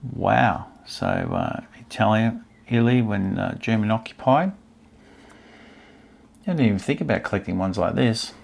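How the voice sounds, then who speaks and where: Gravelly-voiced man chatting about stamps. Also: fairly low pitch, sing-song, measured pace. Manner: chatty, musing aloud, easily delighted. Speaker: stamp collecting channel host. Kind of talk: casual chat while browsing an album.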